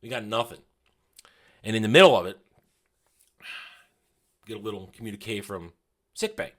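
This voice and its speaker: A man's voice: on the low side, very animated, normal speed. A man giving a casual, rambling spoken review of a TV episode, often correcting himself and paraphrasing scenes.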